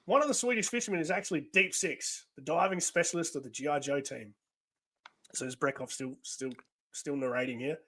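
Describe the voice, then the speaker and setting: A man hosting a live comic read-through, rambling with many pauses and laughs. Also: on the high side, fairly bright tone, no room sound. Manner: rambling, full of ums and laughs. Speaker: host. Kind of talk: casual live-stream chat.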